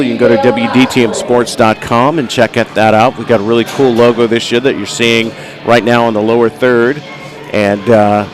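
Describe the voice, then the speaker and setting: A man with a Southern US accent giving folksy, rambling live commentary at an outdoor bucking bull event. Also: medium pitch. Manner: folksy, rambling, lots of fillers. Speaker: livestream commentator.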